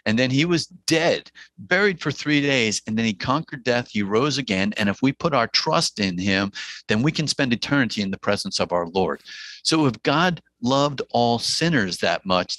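A physician guest from New Jersey gives preaching-like testimony in a podcast interview, earnest and emphatic, repeating phrases for emphasis. His medium-pitched voice is a bit bright with lively intonation and normal speed. He's recorded on a dry close mic with no room sound.

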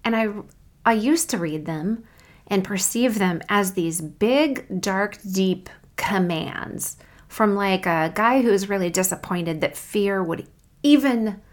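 Woman doing a faith podcast, earnest and encouraging, slows way down for the scripture bits, mid pitch. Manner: reads scripture slowly and deliberately. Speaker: podcast host. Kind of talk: faith podcast devotional talk.

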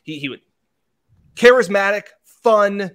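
A male sports reporter with a slightly higher-pitched voice who tells stories with energy. He acts out quotes from players and reporters as he goes, in a casual panel chat. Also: takes it slowly. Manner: animated storyteller, acts out quotes.

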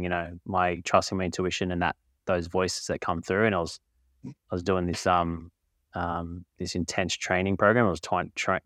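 A laid-back Australian man chatting as a podcast host, his voice sitting very low. He rambles through his stories with a casual swear here and there, recorded close and dry with no room sound. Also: fairly bright tone, dry recording. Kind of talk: casual interview chat.

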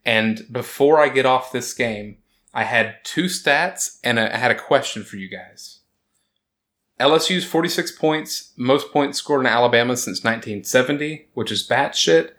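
A man hosting a casual sports podcast, talking in an animated, rambling way that keeps interrupting itself. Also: medium pitch, moderate pace. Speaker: podcast host.

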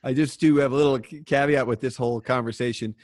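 A man co-hosting a podcast, chatting casually and telling animated stories about his playing days with plenty of swearing. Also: medium pitch, fast talker, dry recording, clean studio sound. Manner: animated, swears freely, acts out quotes loudly. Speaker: podcast co-host, former player. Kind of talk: casual chat, storytelling.

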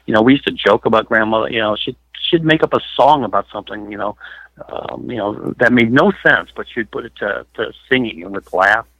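Middle-aged man, phone guest, rambling and emotional, bright clear tone over a dull phone line. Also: fairly low pitch, brisk, no echo. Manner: rambling, many fillers, emotional. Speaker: paranormal investigator guest. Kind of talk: phone interview storytelling.

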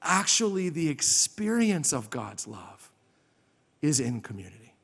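Male pastor, sermon, fairly high voice, impassioned, loud then hushed, long hall reverb. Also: very animated, a little slow, vocal fry, breathy edge. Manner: impassioned, swings from loud emphasis to soft hush. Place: church sanctuary.

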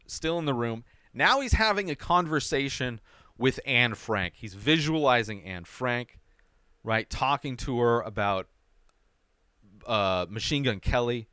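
A man's voice: medium pitch, fairly bright tone, smooth, no echo, studio quality. A man hosting a TV episode recap podcast, talking casually and animatedly with lots of fillers. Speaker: podcast host.

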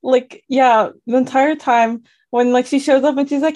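A woman's voice: sits high, little pitch movement, normal speed, few pauses, warm tone. A woman co-hosting a casual podcast chat, talking in a chatty way full of fillers. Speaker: podcast co-host.

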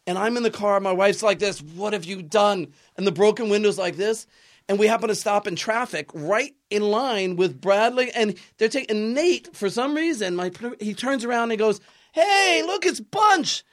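A man on an interview podcast tells an embarrassing story with real energy. He laughs often and slips into other people's voices to act out the scene. His voice sits slightly high for a man. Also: moderate pace. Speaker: guest, film producer.

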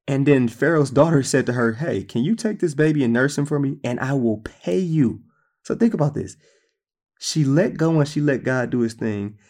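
A male preacher delivers a sermon, retelling scripture stories in a casual, conversational way. His voice has a gravelly rasp at a middle pitch. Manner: conversational, animated storytelling.

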